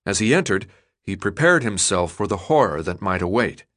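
A man narrating an audiobook in a measured, expressive storytelling voice. His voice is fairly low and rises and falls freely. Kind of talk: scripted narration.

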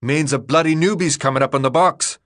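A man reading an excitable teenage boy who speaks loudly and emphatically with slang. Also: on the high side, fairly quick, voice pushed up, natural voice. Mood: excited. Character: excitable teen boy, older hand, brash.

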